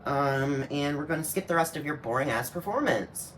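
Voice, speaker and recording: A man's voice: on the high side, lively intonation, normal speed, fairly bright tone, slight background noise. A man hosting a reaction video, giving sassy, snarky commentary full of slang and asides. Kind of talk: casual sarcastic commentary.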